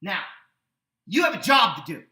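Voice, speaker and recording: A man's voice: high-pitched, big pitch swings, moderate pace, sharp tone, reverberant. A man hosting a sports podcast, ranting indignantly with sarcasm. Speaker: podcast host. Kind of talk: sports opinion rant.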